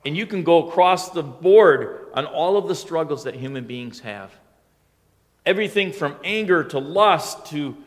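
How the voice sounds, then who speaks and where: A man's voice: on the high side, creaky, in a large hall. A male pastor preaching a sermon in a conversational, storytelling way that now and then swells into emphatic lines.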